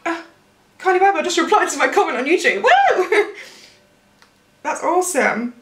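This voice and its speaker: A woman's voice: high-pitched, expressive, quick pace, fairly bright tone. A young woman chatting through a makeup tutorial, rambling and losing her train of thought. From Britain. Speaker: beauty vlogger. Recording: echoey room with faint music.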